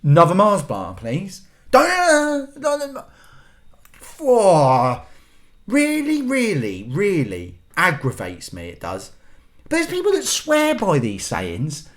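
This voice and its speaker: A man's voice: sits high, huge pitch swings, slow, fairly bright tone. A man hosting his own channel, ranting in an exasperated, sweary, rambling way. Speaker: channel host. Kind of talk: ranting vlog monologue.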